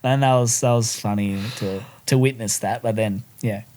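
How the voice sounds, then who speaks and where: A man's voice: fairly low pitch, fairly even intonation, moderate pace, a little mellow. A man appearing as a guest on his partner's podcast, chatting in an easygoing way and adding short asides. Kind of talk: casual chat.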